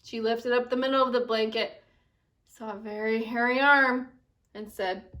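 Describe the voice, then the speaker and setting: A young woman teacher reading a silly picture book aloud to children, with animated, expressive storytelling. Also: a little high, normal speed, far from the mic, a little hiss or hum.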